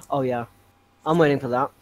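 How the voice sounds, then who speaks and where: Male podcast co-host, mid-range voice, excitable and exclaiming, quick laughs. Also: medium pitch, gravelly, no echo. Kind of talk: casual podcast chat.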